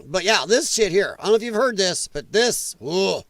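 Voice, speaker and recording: A man's voice: high voice, animated, normal speed, a bit bright, no echo. A man hosting a podcast, ranting about the news in a blunt, angry, profane way. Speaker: podcast host.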